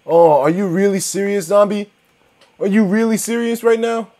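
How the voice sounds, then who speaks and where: A man giving let's-play commentary, excitable and profane, yelling at monsters and talking straight to his viewers. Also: high-pitched, moderate pace. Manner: excitable, swears and yells at game monsters. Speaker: gaming commentator.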